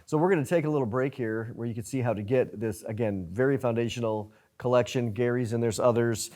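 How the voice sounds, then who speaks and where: A man's voice: medium pitch, brisk, a little mellow. A man hosting a talk show, explaining in an earnest, conversational way. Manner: earnest, explanatory, with frequent restarts. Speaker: host.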